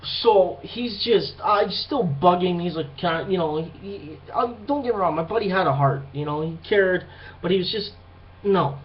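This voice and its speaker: Young man, high voice, swearing and rambling through a bar story, dull lo-fi recording. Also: normal speed. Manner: profane, rambling, animated retelling. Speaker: vlogger. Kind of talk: casual storytelling monologue.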